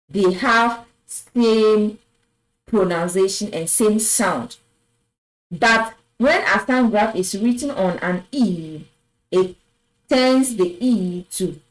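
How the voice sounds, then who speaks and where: A woman teaching French pronunciation, patiently repeating each word and affirming with a soft "yes". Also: medium pitch, rough recording. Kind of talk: slow explanatory lesson.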